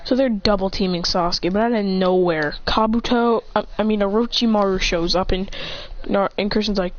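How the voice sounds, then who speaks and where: A woman tells an improvised action fan story in a loose, casual way, jumping from narration into shouted attack names and gasps. Her voice sits at a middle pitch. The recording is dull and lo-fi. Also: normal speed, few pauses.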